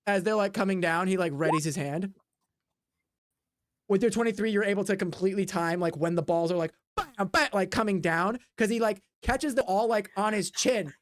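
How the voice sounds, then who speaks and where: A woman's voice: medium pitch, brisk, no echo, studio quality. A woman narrating as game master of a tabletop game, rambling with many fillers and sound effects. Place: home desk.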